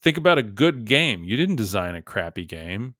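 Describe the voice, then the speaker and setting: A man's voice: on the low side, very animated, normal speed, fairly bright tone, no echo, studio quality. A man hosting a podcast in a casual, emphatic monologue, often saying "like" and talking to his listeners as "guys". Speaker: podcast host.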